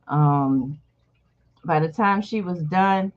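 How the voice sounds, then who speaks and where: A channel host tells her viewers a personal story in a casual, candid, blunt way, swearing freely. Her voice is on the low side, and she takes it slowly. The recording is dull and lo-fi.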